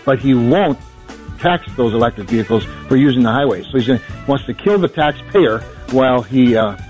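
A male senator answering questions on a radio call-in show, measured and explanatory, restarting his words often. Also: medium pitch, expressive, a little mellow, faint music behind. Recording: phone-line audio.

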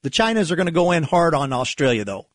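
A man's voice: fairly high pitch, very animated, fast, no echo, clean studio sound. A man hosting a casual political monologue, rambling and sarcastic, restarting his sentences and sighing. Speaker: political commentary host.

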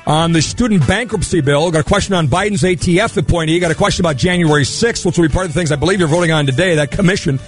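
Fast-talking high-voiced radio host. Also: male voice, soft background music. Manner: brisk, sardonic, rushed. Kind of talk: talk radio hosting.

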